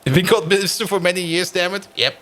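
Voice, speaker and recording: A man's voice: sits high, fast talker, bright, forceful tone. A man streaming a game live, chatting casually with his viewers and laughing often.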